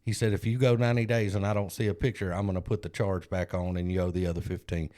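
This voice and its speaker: Low-voiced man telling a story. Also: little pitch movement, fast talker, warm tone. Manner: self-deprecating, acts out other people's lines. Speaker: podcast co-host. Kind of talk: casual storytelling.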